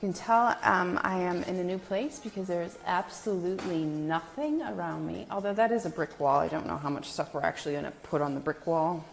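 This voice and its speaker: A young woman hosts a casual live stream, chatting with her viewers and calling each one by name. Her voice has a gravelly fry, and soft music plays faintly behind her. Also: fairly low pitch, brisk, hardly any pauses. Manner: chatty, greets viewers by name, self-deprecating. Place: new home with a brick wall, indoors.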